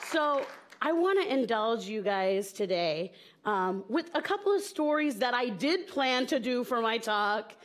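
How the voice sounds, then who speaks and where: A woman's voice: on the high side, animated, unhurried, some chatter behind, slight background noise. A woman comedian from the southern United States, telling playful stories on stage before a live audience. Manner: playful, storytelling with jokes. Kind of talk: stand-up talk on stage.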